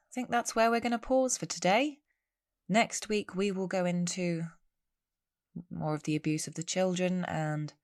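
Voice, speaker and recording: A woman's voice: deep voice, darkish tone, no room sound, clean studio sound. A woman hosting a solo true-crime podcast, telling the story with chatty, wry asides. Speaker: podcast host.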